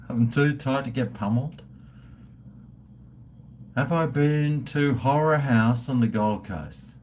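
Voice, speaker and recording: An Australian man in his fifties drawls through a casual live stream at a slow pace. He jokes crudely and swears freely as he toasts his viewers. Faint background noise sits behind his voice. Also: medium pitch, a little mellow. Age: 50s. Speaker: livestream host.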